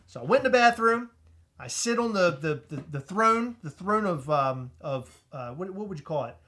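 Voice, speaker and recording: Excitable bright-voiced man telling a story. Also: high-pitched, normal speed. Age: adult with a child. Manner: excitable, frequent restarts and shouted retold lines. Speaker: podcast co-host. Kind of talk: animated comedic storytelling.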